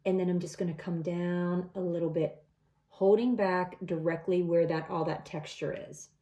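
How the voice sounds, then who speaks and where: A woman's voice: lowish voice, fairly even intonation, moderate pace, mellow. A middle-aged woman talking through a makeup tutorial step by step in a casual, chatty way. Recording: echoey room.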